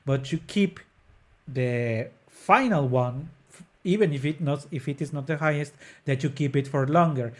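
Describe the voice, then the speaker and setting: Man, podcast host, slightly high voice, earnest, hesitant fillers, explaining music. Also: moderate pace. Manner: breaks into sung phrases to demonstrate notes. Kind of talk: explaining opera to listeners.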